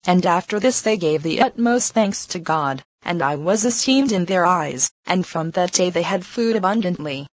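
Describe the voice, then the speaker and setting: Brief: woman narrator, low voice, measured and solemn, dry close recording. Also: lively intonation, dry recording, low-quality recording. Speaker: reader. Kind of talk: scripted narration of a religious text.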